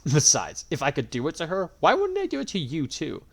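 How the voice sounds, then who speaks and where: A man's voice: a little high, huge pitch swings, a little fast, creaky, slightly rough, pitched above the performer's own voice, heavily acted. A man voicing a smug, cruel male dragon god in a fan audio story, with a mocking, drawling, theatrical delivery.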